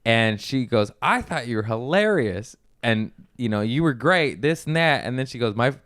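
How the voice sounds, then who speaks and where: A man's voice: mid-range voice, lively intonation, moderate pace, fairly bright tone, no room sound, clean studio sound. A man, a comedian guest on a podcast, joking brashly and swearing in casual chat.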